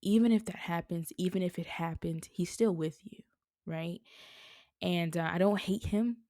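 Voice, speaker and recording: A woman's voice: lowish voice, normal speed, mellow, no room sound. A woman hosting a podcast, talking in a heartfelt, faith-based monologue, earnest and encouraging and close to tears. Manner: earnest and encouraging, speaks of prayer with feeling. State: emotional, near tears. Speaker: podcast host.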